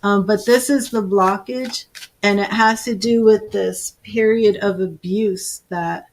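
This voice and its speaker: Lady doing a live tarot reading, unhurried and calm, bit of fry in her voice. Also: mid-range voice, a little hiss or hum. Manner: slow, soothing, invoking spirits. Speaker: tarot reader. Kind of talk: live psychic reading, reading aloud.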